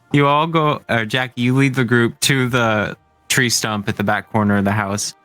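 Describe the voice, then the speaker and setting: A man's voice: medium pitch, steady tone, normal speed, sharp tone, dry recording, soft background music. A man narrating as game master, hesitant, with many fillers.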